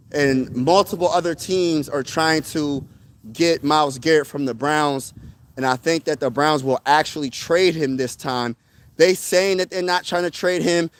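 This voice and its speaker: Excitable high-voiced man talking sports outdoors. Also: a little hiss or hum, rough recording. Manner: excitable and slangy, repeats himself for emphasis. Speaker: sports channel host. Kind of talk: casual live sports talk, answering chat. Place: outdoors, windy.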